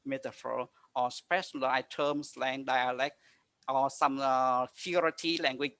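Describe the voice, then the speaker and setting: A man giving a conference presentation over a video call, speaking haltingly with frequent restarts and nonstandard grammar. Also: mid-range voice, level tone, a bit bright, no echo. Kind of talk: lecture presentation.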